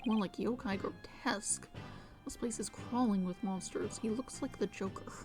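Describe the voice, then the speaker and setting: Joking woman streamer, music behind. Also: mid-range voice. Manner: joking asides, quick laughs. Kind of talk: game playthrough commentary.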